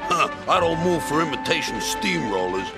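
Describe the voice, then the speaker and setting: A man's voice: a little high, very animated, normal speed, voice pushed up. A man voicing a surly, boastful male steamroller from a storybook tale, rude and dismissive. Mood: scornful. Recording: loud music behind.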